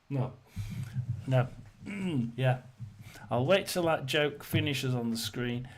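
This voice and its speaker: A man hosting a casual live chat, rambling and hesitant, often clearing his throat and telling jokes to his viewers. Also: medium pitch, animated, slow pace, a little hiss or hum. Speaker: host of a live tarot chat stream.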